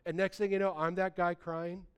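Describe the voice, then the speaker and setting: A man preaching a sermon in a lively, conversational way, often restarting his sentences. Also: sits high, moderate pace, smooth. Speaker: pastor.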